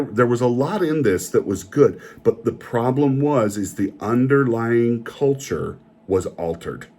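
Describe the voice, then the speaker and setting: A man's voice: mid-range voice, darkish tone, husky. A man delivering an opinionated, indignant rant as a film reviewer, often repeating himself.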